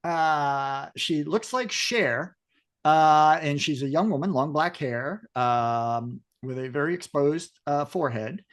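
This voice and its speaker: A man co-hosting a podcast, describing comic panels casually with many pauses and fillers. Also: on the high side. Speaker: podcast co-host. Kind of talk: casual chat about a comic.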